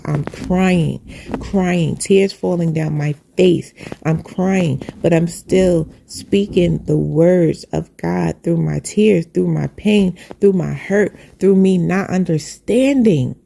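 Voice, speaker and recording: A woman's voice: lowish voice, slow pace, creaky, mellow, a little hiss or hum. A woman sharing a heartfelt personal faith testimony, earnest and repetitive, with preacherly phrasing.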